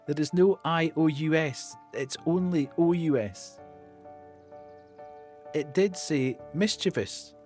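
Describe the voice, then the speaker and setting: A Scottish man chats over his game stream at an unhurried crawl, fussily spelling out words as he explains himself. His voice sits a touch above the usual range, and faint music runs underneath. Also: a little high, a little mellow. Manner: pedantic and slow, spells words out. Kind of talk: casual gameplay commentary.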